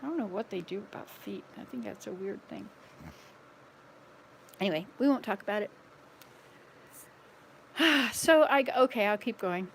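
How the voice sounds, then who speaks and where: A woman in her sixties vlogs casually while wandering through her home, rambling and laughing playfully at her own slip-ups. Her mid-range, creaky voice has lively intonation and a normal pace with long pauses. Slight background noise can be heard.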